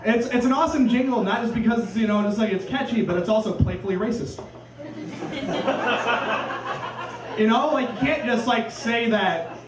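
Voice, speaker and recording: A young man from Iowa performing a stand-up set, deadpan and dropping into silly voices for punchlines. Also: very high voice, normal speed, long pauses, crowd noise. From Cedar Valley, Iowa. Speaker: stand-up comedian. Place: comedy club stage. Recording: echoey club from far off.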